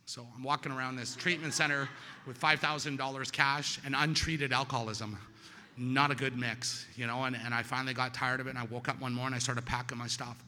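Sharing his story at a recovery meeting, a middle-aged man speaks in a mid-range, level voice, a little fast. The volume jumps into sudden loud peaks and falls into quiet drops, and a long reverb tail follows his words.

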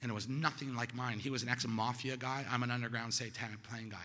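A middle-aged man giving personal testimony at a recovery meeting, telling his story with sudden loud peaks and quiet drops. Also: mid-range voice, fairly even intonation, fast talker, big-room sound.

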